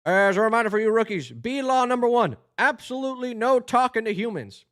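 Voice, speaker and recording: A man's voice: very high voice, very animated, brisk, voice pushed up, exaggerated voice. A man doing a barking bee squad leader. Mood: commanding. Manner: loud, drill-sergeant delivery.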